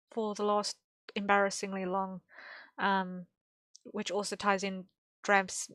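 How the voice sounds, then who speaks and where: A woman's voice: mid-range voice, fairly bright tone, no echo. A young woman streaming while she draws, rambling casually with lots of fillers and small laughs. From English-speaking. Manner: rambling, thinking aloud with many fillers and laughs.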